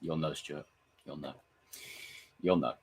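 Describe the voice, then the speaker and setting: A young man chatting casually on his live stream, reading viewer comments, swearing freely and acting out film scenes with loud impressions. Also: rumbling low, unhurried, creaky, slightly rough. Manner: animated, swearing, reads and answers chat comments. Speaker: livestream host.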